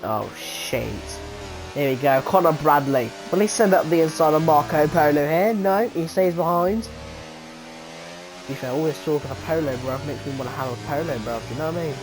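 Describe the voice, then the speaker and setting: A man giving live race commentary, excitable and jokey, swearing and tossing in slang as he banters with his co-commentator. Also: a little high, brisk, over music, poor audio. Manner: excitable, sweary, jokey, keeps tagging "bruv". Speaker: sim racing commentator.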